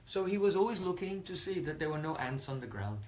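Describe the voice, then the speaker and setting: A man tells a religious story in a spiritual talk. His voice sits fairly high for a man. He narrates with lively storytelling and keeps checking in with his listeners. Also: brisk. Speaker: spiritual teacher.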